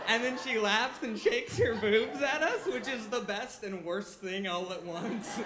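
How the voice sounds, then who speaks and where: A man's voice: high-pitched, measured pace, bright, forceful tone. A young man telling a funny personal story on stage at a live show, self-mocking and laughing as he goes. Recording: echoey live room with audience noise.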